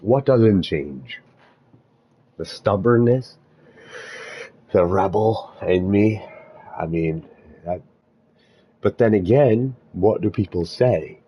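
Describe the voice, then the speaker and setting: A man musing aloud in a meandering spiritual monologue, halting often and restarting his thoughts. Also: lowish voice, lively intonation, breathy edge, dull audio.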